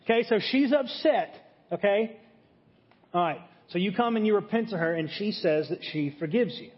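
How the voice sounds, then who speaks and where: A man preaching a sermon in a conversational teaching way, often checking in with his listeners. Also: sits high. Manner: conversational teaching, frequent "okay?" check-ins. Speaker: pastor. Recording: muffled sound with long hall reverb.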